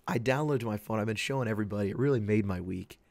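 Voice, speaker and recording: A man in his thirties hosting a podcast, telling a rambling story and quoting his wife in a higher, louder voice. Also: very fast, creaky, no room sound. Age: 30s. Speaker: podcast host. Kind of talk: casual monologue.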